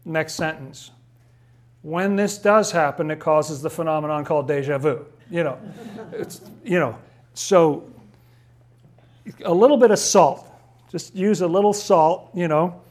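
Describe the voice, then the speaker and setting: A man's voice: a little high, unhurried, pauses often. A man giving a spoken lecture on scripture in a conversational way, reading quotations aloud and adding wry asides.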